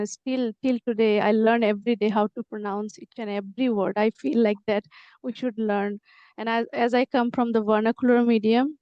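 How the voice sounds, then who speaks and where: A woman's voice: a little high, a little mellow, dry recording, rough recording. A woman, talking reflectively about her own struggles with pronunciation in a podcast chat.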